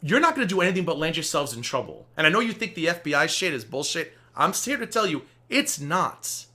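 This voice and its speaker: A man hosting a livestream, chatting casually and telling stories in an animated, profane way. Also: fairly high pitch, fairly quick. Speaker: livestream host. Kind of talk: casual chat.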